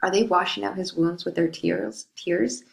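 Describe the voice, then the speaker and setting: A woman's voice: on the low side, fairly even intonation, moderate pace, creaky. A woman reading the part of a grieving young bride in a plain, lightly dramatic way. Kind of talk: reading a modern-English play paraphrase. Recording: roomy echo.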